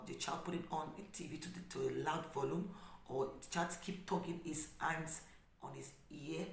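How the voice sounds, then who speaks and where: A woman special education teacher from Nigeria giving an educational talk to parents, speaking slowly and emphatically to model clear speech. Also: deep voice. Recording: echoey room with faint background noise.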